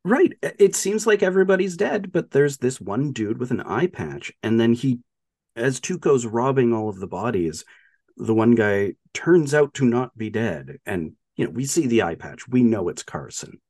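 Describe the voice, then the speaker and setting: A man's voice: mid-range voice, big pitch swings, moderate pace, darkish tone, no room sound, clean studio sound. A man co-hosting a podcast, casually retelling a movie with lots of laughs and filler words. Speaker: podcast co-host.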